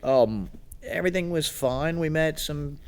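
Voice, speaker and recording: A man's voice: on the high side, unhurried. Chatty man, rambling storyteller. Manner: rambling storyteller, laughs often, acts out quotes. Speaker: podcast co-host. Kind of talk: casual chat.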